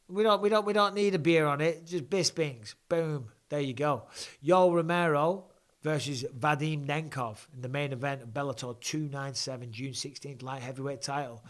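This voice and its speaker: At a moderate pace and in a slightly high, fairly bright voice, a man hosts a live fan Q&A and reaction chat. He sounds congested from a blocked nose and talks in a chatty, spontaneous way, restarting lines and adding asides.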